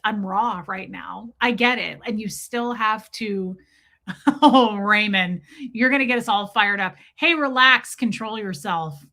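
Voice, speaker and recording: A woman's voice: on the high side, sharp tone. A woman hosting a livestream, chatting casually and candidly with her viewers and swearing freely. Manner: candid and profane, talks straight to chat. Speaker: livestream host. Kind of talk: casual livestream chat reading comments.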